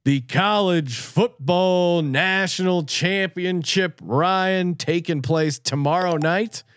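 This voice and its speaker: High-voiced chatty male podcast host. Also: a bit bright, smooth, no room sound. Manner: chatty, quick to laugh, teasing. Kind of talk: casual sports betting chat.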